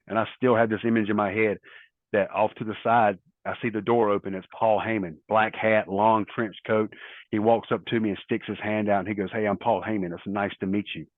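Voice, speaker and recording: A middle-aged man in a casual interview, telling long stories and acting out quoted lines. His voice sits on the low side and comes through a thin, phone-like line. The sound is dry, with no room around it. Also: dry recording. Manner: rambling anecdotal storytelling with quoted dialogue. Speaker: interview guest, former wrestler.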